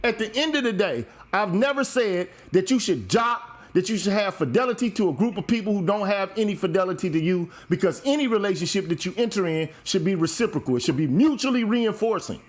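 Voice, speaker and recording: A man's unusually high voice carries a lively, rising-and-falling delivery. He lectures in an emphatic, heated monologue, swearing freely as he hosts. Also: a little fast, hardly any pauses. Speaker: show host.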